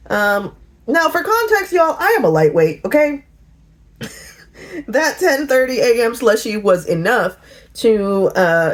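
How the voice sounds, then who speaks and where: A middle-aged woman chatting casually in a get-ready-with-me vlog, telling a lively story with laughter. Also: mid-range voice. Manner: animated storytelling, laughing and singing along. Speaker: vlogger.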